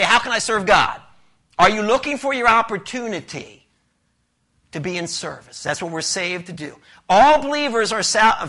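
A male preacher with a high, bright voice delivers an expository sermon. He quotes scripture and presses his listeners with emphatic rhetorical questions.

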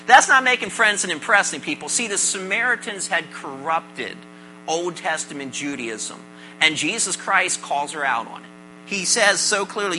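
A pastor giving a sermon to a congregation, mixing jokes with scripture and calling on listeners with quick questions. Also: medium pitch, big pitch swings, sharp tone, faint music behind, poor audio. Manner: calls on the congregation with "right?" and questions. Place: church service before a congregation.

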